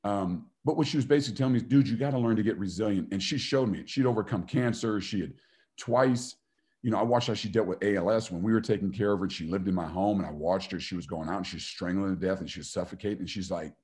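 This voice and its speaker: A man's voice: sits low, quick pace, a little mellow. A middle-aged man, a former football player and coach, giving a motivational talk and telling stories, acting out the voices he quotes and laughing often.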